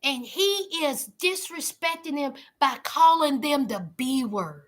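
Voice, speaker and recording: A woman's voice: sits high, expressive, slow. A woman hosting a casual livestream, giving sassy, emphatic commentary and talking straight to her viewers. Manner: sassy, emphatic, talks to viewers as y'all and honey. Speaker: commentary host.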